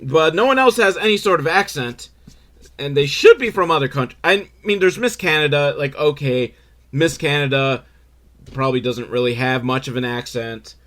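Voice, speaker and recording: A man recapping a movie in a casual comedic way, sarcastic and profane, breaking into quick character voices. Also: on the high side, a bit bright.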